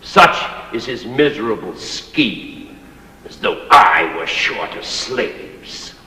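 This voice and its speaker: Pompous old master, grand declaiming, bright voice, slow, echoey stage hall. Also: male voice, lowish voice, very animated, heavily acted. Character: pompous, overbearing old man ruling a servant. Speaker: stage actor. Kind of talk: stage play performance.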